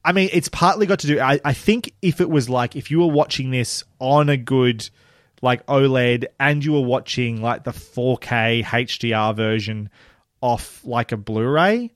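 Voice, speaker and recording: Animated swearing man. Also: mid-range voice, moderate pace, dry recording, studio quality. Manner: animated, swears, laughs often. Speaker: podcast co-host. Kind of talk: casual chat reviewing a TV show.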